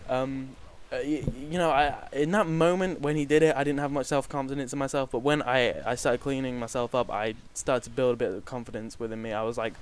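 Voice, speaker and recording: A man's voice: mid-range voice, steady tone, brisk, few pauses, smooth. A young man vlogging, telling a personal story to camera in a rambling, casual way, swearing freely and often restarting his sentences. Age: young adult.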